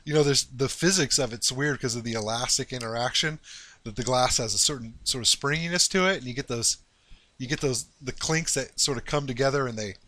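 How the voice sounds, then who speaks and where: Man, mid pitch, bright voice, dry close mic, relaxed film talk, thinking aloud. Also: a little fast, no echo. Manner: musing, thinks aloud at length. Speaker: podcast host. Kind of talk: casual film discussion.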